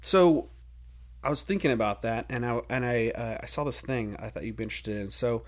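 A young man riffing as a podcast co-host. He talks in loose, animated bursts full of fillers and quick laughs. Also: medium pitch. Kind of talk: casual podcast banter.

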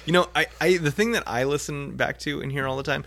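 A man's voice: fairly high pitch, fast, gravelly, fairly bright tone. A young man co-hosting a podcast, laid-back and dry in his humor. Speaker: podcast co-host. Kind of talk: casual podcast banter.

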